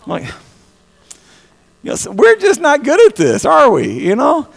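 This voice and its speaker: A pastor preaching an impassioned sermon, often repeating words and swinging between loud and hushed delivery. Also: male voice, very high-pitched, wildly swooping pitch, moderate pace, creaky, long reverb tail.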